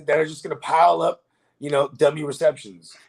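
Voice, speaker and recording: Man, fantasy football co-host, high voice, casual and profane, rambling. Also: level tone, brisk, gravelly, darkish tone. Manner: loose, profane, keeps asking "you know what I mean". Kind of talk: casual live-stream sports chat.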